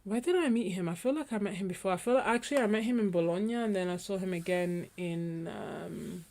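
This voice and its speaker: Indoors in her home studio, a woman hosting a painting livestream chats casually with her viewers, meandering and often trailing off as she hunts for names. Her medium-pitched voice is a little mellow, and she talks fairly quickly.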